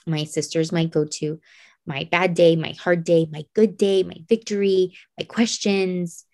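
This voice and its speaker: A woman's voice: lowish voice, fairly even intonation, a little slow, a little mellow, no room sound, clean studio sound. A woman who homeschools her children, talking earnestly as a podcast guest and repeating phrases for emphasis. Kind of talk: casual podcast chat.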